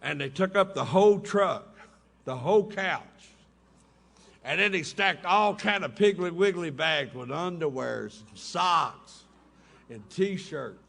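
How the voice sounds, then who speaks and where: A man's voice: on the high side, takes it slowly, vocal fry, fairly bright tone. A man telling folksy, humorous stories to a meeting in a hotel ballroom, laughing along with his own jokes. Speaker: recovery meeting speaker. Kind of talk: humorous storytelling talk.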